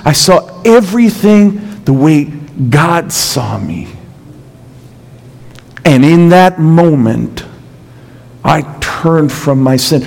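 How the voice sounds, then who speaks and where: Slow, high-voiced preaching man. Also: lively intonation, creaky, a little mellow, low-quality recording. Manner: preaching with rising emphatic intensity and rhetorical questions. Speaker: pastor. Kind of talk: sermon.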